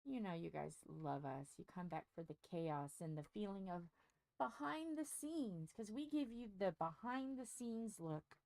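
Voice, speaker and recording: A woman chatting slowly and frankly while she crafts, her gravelly, strained voice wobbling up and down in pitch and now and then going squeaky. She rambles and pokes fun at herself. The sound is dry and close, with no room echo. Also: animated, a little mellow. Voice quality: voice dips up and down in pitch, turns squeaky. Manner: frank, rambling, self-deprecating. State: strained, scratchy voice. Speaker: host of a crafting channel. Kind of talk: casual chat while crafting.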